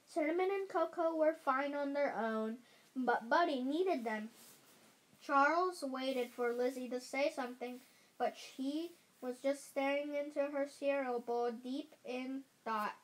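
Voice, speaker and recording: A woman's voice: high-pitched, a little slow, low-quality recording. A woman reading a children's chapter book aloud with care, often stumbling and restarting her lines. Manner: careful reading with frequent slips and restarts. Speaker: reader.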